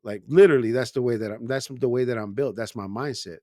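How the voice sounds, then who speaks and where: A man's voice: mid-range voice, fast talker, dark tone, dry recording, clean studio sound. A man in his forties talking casually and from the heart, slangy and loose with swearing, as a podcast co-host. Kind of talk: casual chat.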